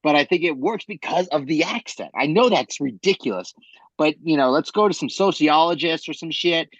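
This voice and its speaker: Animated, swearing male podcast host. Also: fairly high pitch, moderate pace, husky, no room sound, lo-fi sound. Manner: animated, swearing, rambling asides. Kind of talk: casual podcast chat.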